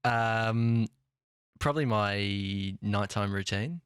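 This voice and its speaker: A young Australian man co-hosting a podcast in casual banter, talking hesitantly with many fillers and trailing off quietly. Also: lowish voice, slow pace, smooth, no room sound, clean studio sound. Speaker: podcast co-host.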